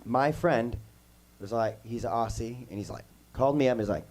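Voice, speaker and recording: In a music school room full of kids, a forty-something guest musician with a voice under the weather shares stories during a relaxed workshop Q&A, often rambling off topic. He speaks at a moderate pace in a mid-range, darkish voice, and the recording quality is low.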